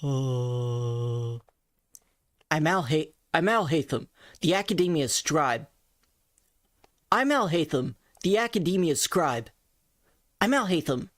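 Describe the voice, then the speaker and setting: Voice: medium pitch, lively intonation, slow, long pauses, no echo, studio quality. Someone imitating a punchy, aloof young scholar. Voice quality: abrupt and punchy. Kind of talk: voice impression practice.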